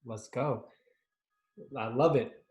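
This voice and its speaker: A man's voice: mid-range voice, takes it slowly, a little mellow. A man co-hosting a sports podcast in a casual chat. He keeps checking in with "right?" and hesitates over his words. His voice rings in a roomy, echoey recording. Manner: chatty, leans on tag questions, hesitant with fillers. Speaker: podcast co-host.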